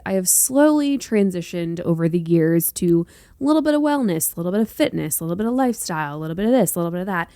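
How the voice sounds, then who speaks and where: A woman's voice: fairly low pitch, a little mellow, dry recording, studio quality. A young woman from North Carolina hosting a solo podcast in a chatty, rambling way, with playful sassy asides. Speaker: podcast host. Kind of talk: casual solo podcast chat.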